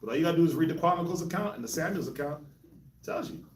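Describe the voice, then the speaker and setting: A man's voice: fairly high pitch, expressive, rapid-fire, roomy sound, recorded from a distance, slight background noise. A man hosting a casual Bible discussion, laughing often and talking in loose slang. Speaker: host of a Bible discussion show.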